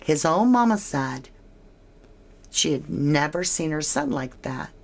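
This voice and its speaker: Woman, true crime commentator, low voice, unhurried delivery, speculative casual talk. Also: vocal fry. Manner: animated, speculative, asks the listener questions.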